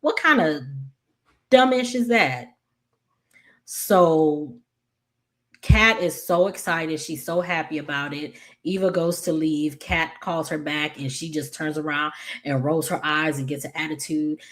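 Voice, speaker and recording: Low-voiced woman rambling through a soap recap. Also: steady tone, a little slow. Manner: rambling, full of fillers and self-corrections; opinionated, talks back to the characters. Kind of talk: casual episode recap.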